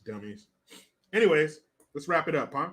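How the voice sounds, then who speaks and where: A man's voice: on the high side, lively intonation, moderate pace. A man ranting in a crude, sarcastic commentary vlog, often laughing at his own jokes. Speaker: online commentator.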